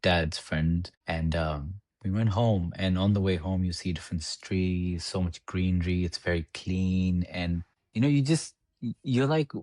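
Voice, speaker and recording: A man in his thirties with a very low voice, animated and chatty as he recounts his story, often breaking into laughter and quoting himself. The sound is dry and close, with no room around it. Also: a little slow, hardly any pauses, no room sound. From India. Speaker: podcast guest. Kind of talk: casual chat, storytelling.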